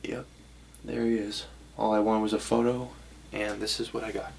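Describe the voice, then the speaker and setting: A man's voice: on the low side, little pitch movement, moderate pace, gravelly, a little mellow, a little hiss or hum. A young man vlogging casually to camera, rambling a little and correcting himself as he shows off his haul. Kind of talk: casual vlog talk to camera.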